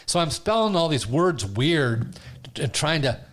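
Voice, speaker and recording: Animated male comedian telling stories. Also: fairly high pitch, unhurried. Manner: animated, laughs through his stories. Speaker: stand-up comedian, interview guest. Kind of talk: casual storytelling.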